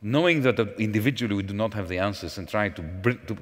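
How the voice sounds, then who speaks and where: A man speaking as a panel guest at a conference, in a measured, professorial manner with false starts. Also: fairly low pitch. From Greece. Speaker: panel guest, former finance minister. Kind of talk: onstage panel conversation. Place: large conference hall. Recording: long hall reverb.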